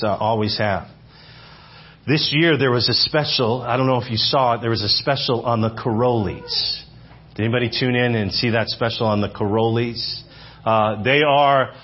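A man in his forties preaching a sermon in church, animated, repeating phrases for emphasis and asking the congregation questions. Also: medium pitch, highs cut off. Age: 40s. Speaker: visiting speaker. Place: church sanctuary.

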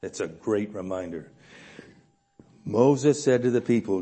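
Man preaching, animated delivery, loud bursts and quiet asides, chuckling, church room. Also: on the low side, measured pace, long pauses, husky. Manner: animated, swings from loud emphasis to soft asides, chuckles often. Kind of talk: sermon.

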